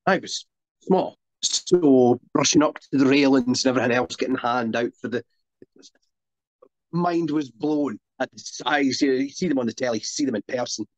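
This Scottish wrestler, in his forties, rambles through anecdotes as a podcast guest, his sentences often breaking off and restarting. He has a mid-range voice at normal speed. Dull, dry lo-fi audio with no echo.

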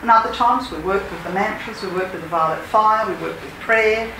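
A woman's voice: medium pitch, brisk. A woman, a spiritual healer and teacher, talking earnestly and leading call-and-response mantra chants. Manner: earnest, emphatic, leads chants. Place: lodge meeting room. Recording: echoey room, speaker far from mic, noisy.

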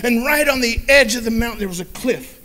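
A man telling a children's Bible story at church in an expressive, playful manner. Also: very high-pitched, fast talker. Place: church sanctuary.

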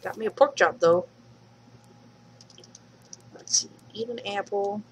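A woman's voice: mid-range voice, slow pace, very noisy. A woman giving casual, chatty commentary while playing a game at home, swearing lightly and talking to the animals. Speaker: let's play host. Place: home room.

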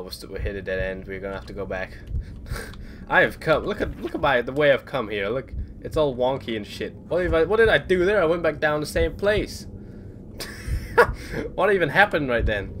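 Jumpy young man swearing through a horror game. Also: fairly low pitch. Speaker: gamer playing a horror game. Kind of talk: let's play commentary. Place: bedroom at home. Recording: clear background game noise.

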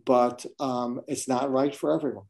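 A man's voice: medium pitch, level tone, normal speed, creaky, darkish tone. A middle-aged man from New York City, a medical school dean, answering questions in an earnest, reflective way with frequent restarts. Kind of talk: webinar interview answers.

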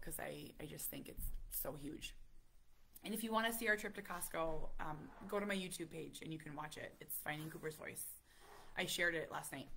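A woman in her thirties, a parent vlogger telling a story in casual, animated chat, full of fillers and acted-out quotes. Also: fairly low pitch, vocal fry. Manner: animated, chatty, many fillers, acts out quotes.

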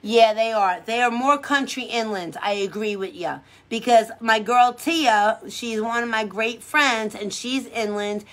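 A woman's voice: fairly high pitch, unhurried, few pauses, fairly bright tone. A woman from hosting a casual makeup livestream, chatting with viewers in a rambling, upbeat, encouraging way. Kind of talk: casual livestream chat reading comments.

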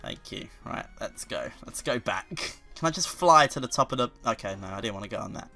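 An excitable man talks over his gameplay, his bright voice swinging widely in pitch as he jumps from muttering to shouting. He swears freely, and faint game music plays behind him. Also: brisk, creaky. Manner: excitable, swears often, sudden loud outbursts. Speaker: let's play commentator. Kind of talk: video game commentary.

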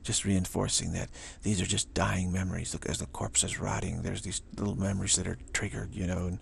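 A man's voice: low-pitched, little pitch movement, brisk, gravelly, a little hiss or hum. A man giving a casual spiritual talk outdoors in the evening, musing, repeating words and acting out the voices he quotes. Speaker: spiritual teacher.

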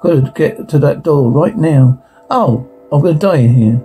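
A man's voice: normal speed, faint music behind, lightly acted. A man playing a panicked, terrified young woman. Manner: panicked, high-pitched yelling.

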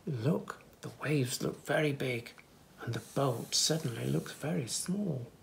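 A man reading a children's picture book aloud, gently pointing things out to young listeners in soft asides and lifting his voice for the animals' lines. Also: medium pitch, measured pace, vocal fry, a little hiss or hum. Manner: lifts voice for animal speech without distinct characters. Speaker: children's story reader.

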